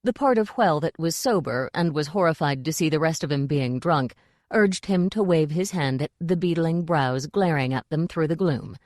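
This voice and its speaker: An audiobook narrator reads scripted narration in a measured storytelling manner. Her voice is deep, animated and darkish in tone, with dry, clean studio sound.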